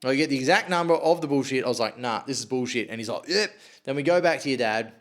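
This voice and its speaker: A man's voice: mid-range voice, racing, a bit bright. A young Australian man hosting a podcast, telling a story in casual chat, swearing freely and acting out what people said. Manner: swears freely, acts out quotes. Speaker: podcast host.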